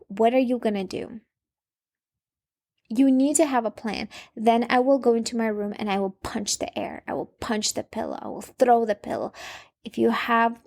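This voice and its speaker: A fairly high-voiced woman in her thirties talks on her podcast in a loose, chatty way. She leans on fillers, restarts her sentences and laughs softly now and then. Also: gravelly. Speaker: podcast host. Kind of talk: casual advice podcast.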